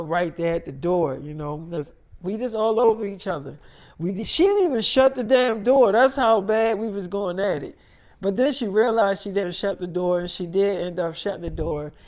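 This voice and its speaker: A man's voice: high-pitched, a little mellow. A man telling a long casual story in a rambling, slangy way, full of fillers and repeats. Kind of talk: casual freestyle storytelling monologue.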